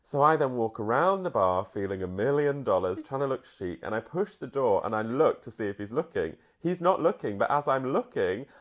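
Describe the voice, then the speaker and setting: Male co-host, giggly anecdote teller, mid-pitched voice. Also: lively intonation, fairly quick, few pauses. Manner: giggly, self-mocking storyteller. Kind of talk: casual anecdote chat.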